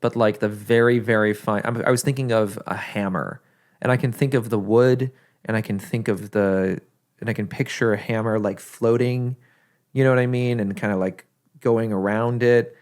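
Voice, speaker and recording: A man's voice: fairly low pitch, fairly even intonation, moderate pace, darkish tone. A man with a Midwestern accent, co-hosting a podcast in casual chat and rambling while he searches for words. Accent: Midwestern American. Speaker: podcast co-host.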